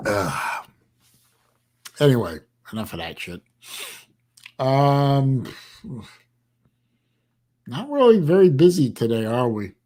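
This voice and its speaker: Guy doing a laid-back livestream, rambly and halting, dry sarcastic bits. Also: medium pitch, sing-song, a little mellow. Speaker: livestream host. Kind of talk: casual livestream chat.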